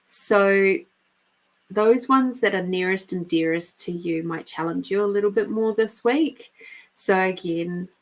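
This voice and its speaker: A woman's voice: mid-range voice, unhurried. A middle-aged woman hosting a live spiritual reading podcast, talking frankly, swearing freely and laughing often. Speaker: intuitive reader and podcast host. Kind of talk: casual spiritual guidance talk.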